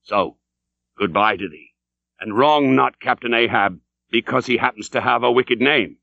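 A man voicing a gruff older sea captain who gives an earnest, stern warning in old-fashioned speech, in a dull, dry recording. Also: medium pitch, normal speed, dry recording, close to an everyday voice. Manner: stern, archaic seafaring speech. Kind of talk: audiobook character reading.

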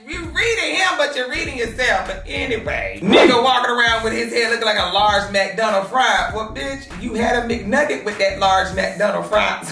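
Loud, laughing woman gossip host, bright sound, heard a bit off-mic in a roomy space. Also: fairly high pitch, recorded from a distance. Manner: loud, laughing, swearing, shouting. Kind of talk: loud casual gossip commentary.

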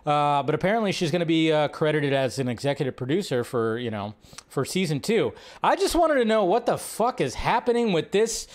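Male livestream host, loose rambling chat, slightly higher-pitched voice, now and then shouts out quoted lines. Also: expressive, brisk. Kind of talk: casual livestream commentary.

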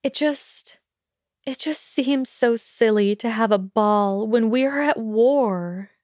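A woman voicing an earnest, weary young witch student in a storybook reading, speaking quickly and pleadingly. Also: a little high, a little mellow, no echo, studio quality.

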